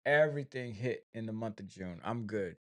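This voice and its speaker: A man's voice: lowish voice, animated, normal speed. A man co-hosting a casual live chat, playful and teasing. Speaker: co-host.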